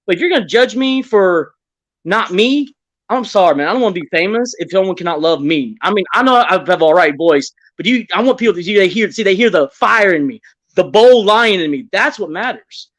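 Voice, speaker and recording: A man's voice: high voice, lively intonation, fairly quick, a bit bright. A man on an online audio panel who beatboxes and then tells rambling, earnest stories. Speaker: panel guest. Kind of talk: beatboxing and casual chat.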